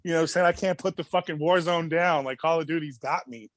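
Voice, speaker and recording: A man's voice: fairly high pitch, quick pace, no echo. A young man from Australia, a music producer guest, talking in a laid-back, rambling way with plenty of swearing and fillers. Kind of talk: casual podcast chat.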